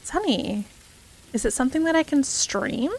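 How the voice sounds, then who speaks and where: This young woman is a variety streamer who chats happily and casually with her live audience, greeting people by name and laughing frequently. She has a high-pitched voice with lively intonation and a moderate pace.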